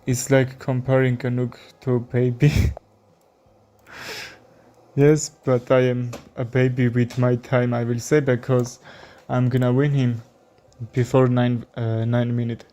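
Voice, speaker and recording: A man from Armenia with an Armenian accent, a chess streamer commenting live in halting English with many fillers. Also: medium pitch, little pitch movement, warm tone.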